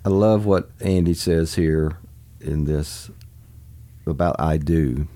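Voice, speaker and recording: A man's voice: very deep voice, slow. A man talking casually as a pastor, laughing often and easily moved. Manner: warm, laughs often, gets choked up. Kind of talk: casual chat.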